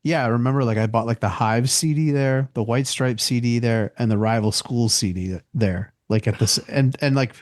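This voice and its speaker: A man's voice: medium pitch, moderate pace, hardly any pauses, dry recording, clean studio sound. A man co-hosting a podcast, talking loosely and chattily in casual conversation. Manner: loose and chatty, heavy with fillers like "you know". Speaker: podcast co-host.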